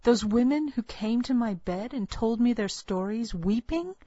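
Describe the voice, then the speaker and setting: A woman's voice: a little high, animated, a little slow, mellow, no room sound, voice pushed up. A woman doing a defiant young pregnant woman. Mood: indignant. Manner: accusing, demanding. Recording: dull, lo-fi, dry recording.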